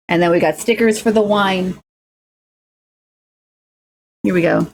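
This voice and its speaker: A woman's voice: lowish voice, measured pace, long pauses, a little hiss or hum. A young woman streaming as she builds miniatures, chatting playfully and making silly sing-song noises. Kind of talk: casual chat while crafting miniatures.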